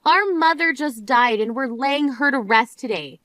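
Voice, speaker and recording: Grieving older sister played by a woman, high voice, reproachful, scolding, drama voice acting. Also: animated, normal speed, fairly bright tone, dry recording. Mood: furious.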